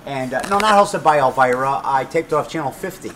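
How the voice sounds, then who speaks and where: Rambling excitable man in a diner. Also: medium pitch, fairly quick, slight background noise. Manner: excitable, rambling, repeats himself, jumps between topics. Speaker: low-budget horror filmmaker. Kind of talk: rambling casual chat. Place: restaurant.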